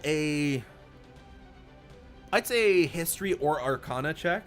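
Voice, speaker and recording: A man's voice: normal speed, faint music behind. A man narrating as game master, hesitant and full of fillers. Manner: hesitant, filler-heavy, lively pitch.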